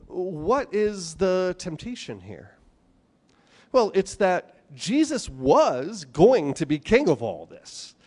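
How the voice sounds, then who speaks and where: A man preaching a sermon, animated, asking rhetorical questions and acting out the voices of the people he quotes. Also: on the high side. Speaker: pastor.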